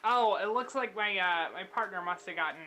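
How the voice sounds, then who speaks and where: A man's voice: sits high, a little fast, sharp tone, slight background noise, rough recording. A man playing a tabletop game, hesitantly improvising his character's lines. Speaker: player.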